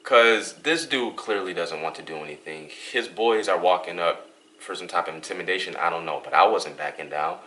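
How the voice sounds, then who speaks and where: A man's voice: deep voice, moderate pace. A young man hosting a couple's vlog, from Western New York, telling a story casually and acting out the dialogue. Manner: animated, acts out dialogue. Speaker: vlog host.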